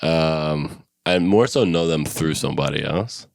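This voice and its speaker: A man's voice: extremely low pitch, measured pace, creaky, no echo, studio quality. A man co-hosting a casual comedy podcast, talking in a playful, slangy way. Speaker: podcast co-host.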